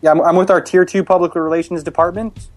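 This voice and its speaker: A man's voice: high-pitched, little pitch movement, fast, faint music behind, voice pushed up, lightly acted. A man playing a polite male corporate public relations caller, speaking in a hesitant, scripted way. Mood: overly polite.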